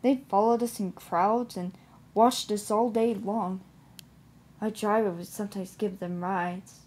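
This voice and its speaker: A gentle, wistful old traction engine that is about to be scrapped, as a woman reads him. He speaks slowly and softly, in a husky, breathy tone. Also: mid-range voice, fairly even intonation. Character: sad, proud old male traction engine.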